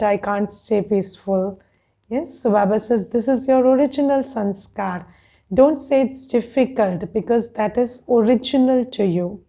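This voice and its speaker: A woman with an Indian English accent giving a spiritual class, slow and questioning, often checking in with "yes?". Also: on the high side, creaky, warm tone. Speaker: spiritual teacher.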